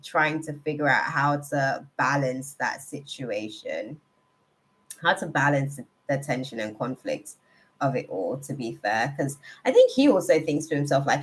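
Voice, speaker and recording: A woman hosting a live tarot reading, chatting casually and laughing often as she talks. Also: low-pitched. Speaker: tarot reader, live-stream host.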